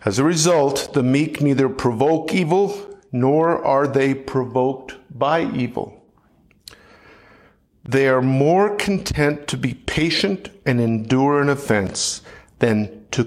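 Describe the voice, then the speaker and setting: A middle-aged man preaching a sermon in a measured, reflective way, often restarting his phrases. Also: mid-range voice. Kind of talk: sermon teaching.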